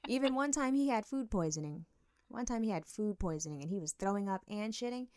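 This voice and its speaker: This podcast co-host talks fairly quickly in a mid-range voice, with studio-quality sound and no room echo. Her casual stories are frank and full of profanity, and she brings the characters to life with animated quoted voices.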